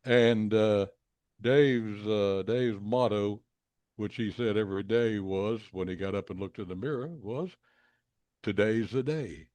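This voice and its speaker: A man's voice: unhurried, no echo. A man casually telling a long anecdote, acting out the people in it with big jumps in his voice. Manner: animated, acts out quoted voices with pitch jumps.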